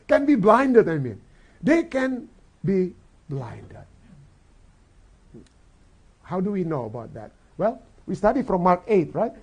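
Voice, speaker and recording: A male pastor preaching a sermon. He speaks in English, repeats his points in Indonesian, and asks his hearers questions. He moves between soft, trailing phrases and loud, stressed lines. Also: sits high, big pitch swings, a little slow, gravelly, long pauses, slightly rough. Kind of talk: bilingual sermon.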